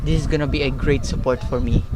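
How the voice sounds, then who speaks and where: A man's voice: medium pitch, fast. A young man streaming live, stunned and overjoyed, stammering out his thanks. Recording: steady background noise.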